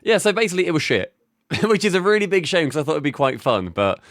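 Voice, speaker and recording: An English man co-hosting a podcast, chatting casually in an animated way with frequent laughs. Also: on the high side, quick pace, dry recording, studio quality. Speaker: podcast co-host. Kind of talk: casual chat.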